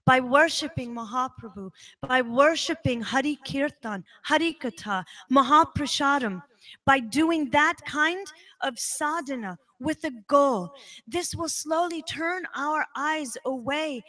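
A woman giving a spiritual talk at a devotional center, telling a personal story in an emphatic, animated way. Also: high-pitched, measured pace. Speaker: devotional speaker.

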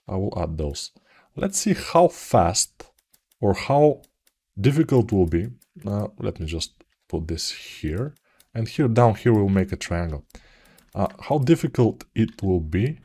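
Bulgarian-accented man, middle-aged, low-pitched, rambling tutor voice. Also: very animated, takes it slowly, long pauses, mellow, slightly rough. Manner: rambling, self-mocking, jokey asides. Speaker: 3D art tutor. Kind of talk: live commented modeling tutorial.

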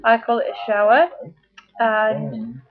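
A woman's voice: fairly high pitch, level tone, slow, gravelly. A British woman vlogger reading a word list and answering questions about what she calls things, in a chatty way. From United Kingdom. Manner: chatty, reads words one by one. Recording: tinny phone-like sound.

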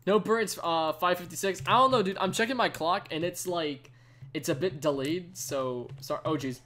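A man's voice: on the high side, normal speed, sharp tone, slight background noise. A young man giving chatty live commentary on a game he is playing, greeting viewers and using lots of fillers. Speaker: streamer. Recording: faint keyboard typing behind.

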